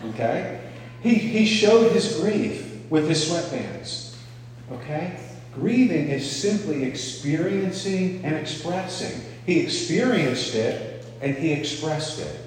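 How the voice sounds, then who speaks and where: A man's voice: on the high side, expressive, takes it slowly, slight background noise. A man preaching a conversational sermon, often checking in with the audience by asking "okay?". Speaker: pastor. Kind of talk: sermon teaching. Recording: echoey hall from far off.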